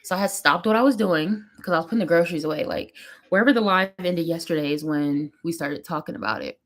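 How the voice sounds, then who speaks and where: A young woman chatting to camera as she does her makeup, telling a story about her son with lively quotes. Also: on the low side, fast talker. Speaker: vlogger, mother. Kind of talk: casual chat to camera. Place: home.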